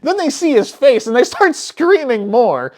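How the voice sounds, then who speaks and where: A woman giving a casual, spoiler-filled movie recap, excitable and swearing often, who breaks off her phrases mid-thought. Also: high-pitched, a little slow. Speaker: movie reviewer.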